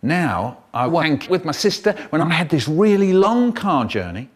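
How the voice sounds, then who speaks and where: Man, lively storyteller, slightly high voice, swooping delivery. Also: normal speed. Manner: animated, jumps between voices of family members. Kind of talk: spliced comic storytelling.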